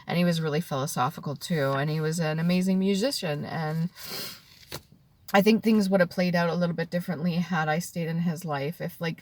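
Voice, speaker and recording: A woman in her thirties telling an emotional personal story to the camera, tearful and heartfelt, dropping at times to a soft whisper. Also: deep voice. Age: 30s. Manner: tearful and heartfelt, drifting between soft whispers and earnest talk. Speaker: vlogger.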